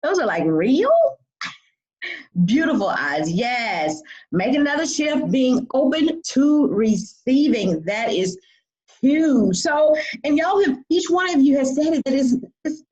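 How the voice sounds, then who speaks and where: A woman hosting a group coaching call, giving drawn-out, affirming praise to participants. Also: sits high, lively intonation, darkish tone, muffled recording. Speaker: program coach and host.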